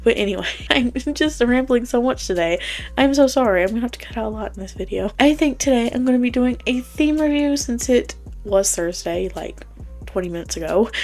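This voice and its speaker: A young woman with a Southern US accent, rambling through a casual video game item review at home, chatty and quick to laugh. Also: a little high, a little mellow. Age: young adult. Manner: rambling, chatty, laughs often, slang-heavy. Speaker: YouTuber reviewing game items. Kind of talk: casual commentary. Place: home at night.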